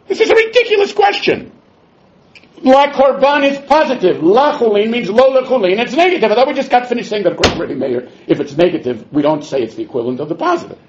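A man's voice: sits high, animated, fast talker, few pauses, lo-fi sound, a little hiss or hum. A man teaching a Talmud class, sarcastic and exasperated, mixing Hebrew and Aramaic terms into his explanations.

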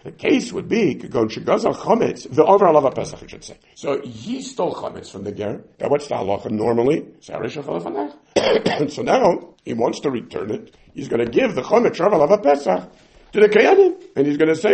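A man teaching a Talmud lesson, animated and acting out the voices of the sages and side characters as he explains. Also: on the high side, normal speed, creaky.

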